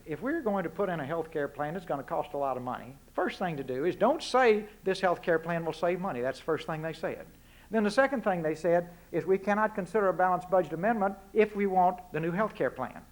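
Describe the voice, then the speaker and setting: With a high, sing-song voice and a fast way of talking, a Texas-accented man in his sixties from Texas addresses a university lecture hall. His public speech is folksy and punchy, peppered with rhetorical questions.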